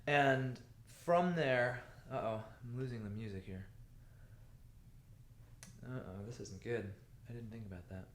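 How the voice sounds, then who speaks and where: A man's voice: medium pitch, slight background noise. Man, choir teacher, patient explanations, roomy echo. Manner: patient, explanatory, sometimes speaks lyrics slowly. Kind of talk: music lesson walkthrough.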